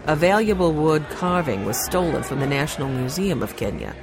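A woman voicing a serious older male detective in an audiobook, speaking low, measured and grave. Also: big pitch swings, over music.

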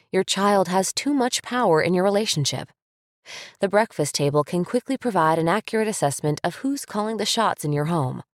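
Steady, firm woman narrator. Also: fairly low pitch, dry recording, studio quality. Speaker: mother and book narrator. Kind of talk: scripted narration of a parenting book.

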